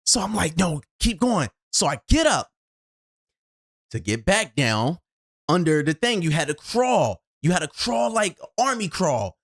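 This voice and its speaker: A video host telling a personal story in an expressive way, acting out their own reactions and swinging between loud outbursts and low asides, recorded in a home studio on a shotgun mic. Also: a little slow.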